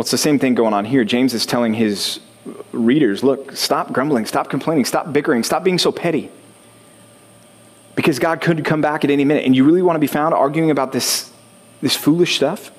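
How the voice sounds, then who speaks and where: Male pastor, slightly high voice, conversational sermon delivery that climbs into fervor, rhetorical questions. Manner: conversational, asks the congregation questions and builds to rising intensity.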